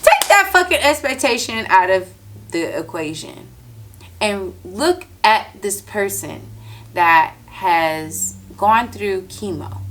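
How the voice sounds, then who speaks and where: A woman hosting a podcast, telling a story in a casual, animated monologue, acting out quotes and swearing freely, close to the mic. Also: medium pitch. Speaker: podcast host.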